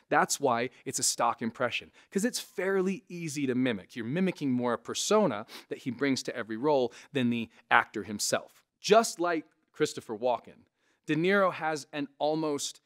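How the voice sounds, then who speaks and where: A man with a resonant voice, a comedian casually teaching impressions to camera, animated and conversational. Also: mid-range voice. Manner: animated, conversational, frequent "right?" asides. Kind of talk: casual instructional talk to camera.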